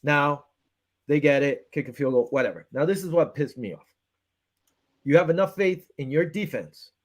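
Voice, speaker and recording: Male sports show host, slightly high-pitched, animated and exasperated, casual talk. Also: moderate pace. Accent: Western New York. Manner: animated, retells with quoted back-and-forth, frustrated ranting.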